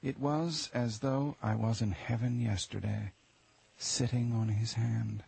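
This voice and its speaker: An actor playing the fallen angel Lucifer, confused in a human body, in a radio drama, halting and bewildered. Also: male voice, medium pitch, steady tone, vocal fry, a little mellow, husky, full character voice. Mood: mournful. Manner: bewildered then rising to rapture. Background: music.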